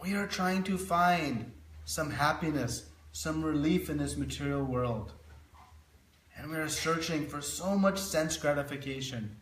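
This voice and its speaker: A man's voice: fairly high pitch, unhurried. A man teaching a devotional scripture class, telling stories to illustrate his points. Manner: storytelling, illustrative. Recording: roomy echo.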